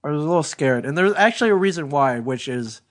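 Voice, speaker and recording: A man's voice: fairly high pitch, lively intonation, fast. A man in his thirties co-hosting a podcast, telling a rambling story in casual chat and swearing freely. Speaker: podcast co-host.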